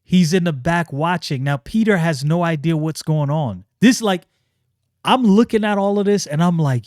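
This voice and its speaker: A man hosting a casual comic book review, excitable and slangy, often restarting his sentences. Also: on the high side, normal speed, no echo, studio quality.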